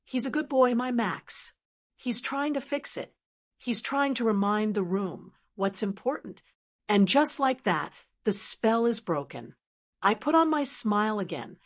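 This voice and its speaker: A woman's voice: on the high side, animated, a little slow. An older woman narrating a first-person family story in a reflective, emotional way.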